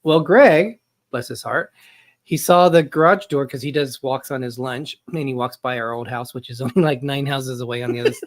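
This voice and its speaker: A man's voice: medium pitch, normal speed. A man co-hosting a casual chat show, telling stories in a rambling way and often restarting mid-sentence. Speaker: co-host.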